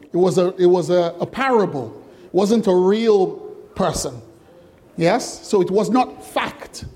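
A pastor with a high, expressive, unhurried and slightly mellow voice preaches an interactive sermon in a church hall. He keeps it chatty and jokey, asking the congregation questions and teasing them.

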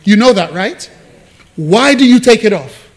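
High-voiced pastor preaching conversationally. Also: male voice, lively intonation, a little slow. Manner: conversational, joking with the congregation; repeats and restarts while searching for words. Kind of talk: sermon.

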